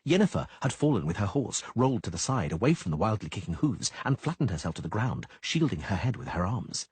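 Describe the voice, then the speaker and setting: Husky male audiobook narrator. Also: lowish voice, darkish tone, no echo.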